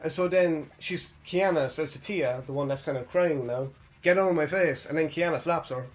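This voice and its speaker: A young man hosts a loose, casual wrestling recap. His voice sits a little higher than most men's. He rambles from point to point and keeps tagging his sentences with "you know what I mean". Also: normal speed. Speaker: host.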